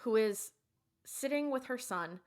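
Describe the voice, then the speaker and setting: Retelling an episode scene by scene on her podcast, a young female co-host speaks at a measured pace with a slightly high voice. She keeps it casual and animated, performing the characters' quotes herself.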